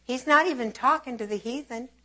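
A woman preaching a sermon with an opening prayer, fervent and emphatic, swinging between hushed and forceful delivery. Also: high-pitched, a little fast.

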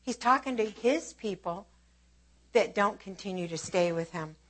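A woman preaching a sermon with an opening prayer, fervent and emphatic, swinging between hushed and forceful delivery. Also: mid-range voice, animated, measured pace.

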